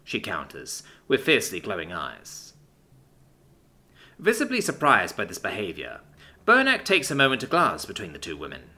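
Bright, animated male story narrator. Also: fairly low pitch, normal speed. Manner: expressive, animated reading.

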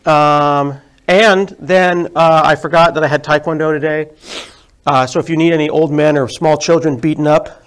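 A man's voice: a little high, fairly even intonation, normal speed, clear, resonant tone. A man in his forties with a sniffly cold, giving a self-deprecating, chatty live tech talk to an audience in a meeting room. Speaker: tech presenter. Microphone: handheld mic.

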